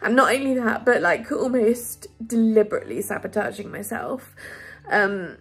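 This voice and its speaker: A woman talks casually to her camera in a husky, slightly breathy voice. She rambles with plenty of fillers and breaks into nervous laughter, sounding close to tears at times. Faint music plays quietly behind her. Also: mid-range voice, expressive, normal speed. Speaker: vlogger.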